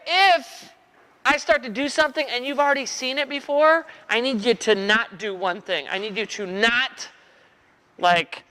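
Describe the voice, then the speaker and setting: A man's voice: very high-pitched, unhurried, bright, forceful tone. A man performing as a children's magician, playfully joking with and rousing a live audience of kids. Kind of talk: live kids' magic show patter.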